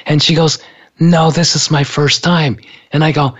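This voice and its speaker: A man telling a story in a relaxed, casual way, laughing often between thoughts. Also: a little high, unhurried, slightly rough. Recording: dull lo-fi sound.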